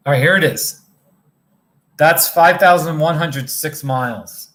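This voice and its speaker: Tired guy on a motel room livestream, slow and rambly, bright voice that jumps all over, chatting with viewers. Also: a little high. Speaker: livestream host reading viewer chat. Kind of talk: casual livestream chat.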